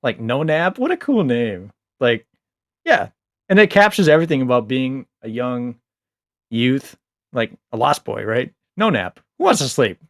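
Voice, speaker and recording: A young adult man casually reviewing a book, rambling with lots of fillers, a little low on sleep. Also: measured pace, no echo, studio quality. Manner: rambling, filler-heavy, animated asides.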